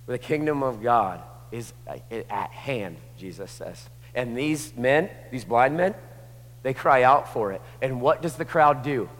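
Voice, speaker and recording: A man preaching a sermon, moving from hushed, intimate lines to passionate shouting. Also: mid-range voice, expressive, unhurried. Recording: long hall reverb.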